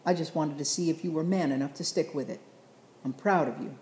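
A fond old grandfather teases gently, voiced by a woman reading aloud. The voice sits low and mellow. The recording has a roomy echo. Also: brisk, a little hiss or hum, natural voice. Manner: gently teasing, chuckling.

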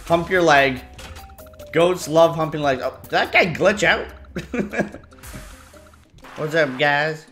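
A man's voice: a little high, takes it slowly, long pauses, sharp tone, faint music behind. A young man giving casual, goofy gameplay commentary as a YouTuber, laughing often between his remarks. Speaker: gaming YouTuber.

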